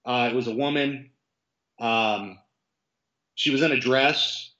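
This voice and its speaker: A man's voice: mid-range voice, slow pace, sharp tone, muffled recording. A man, a police officer, telling an interviewer in vivid first person about a shooting response, with intense repeated restarts. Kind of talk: interview storytelling.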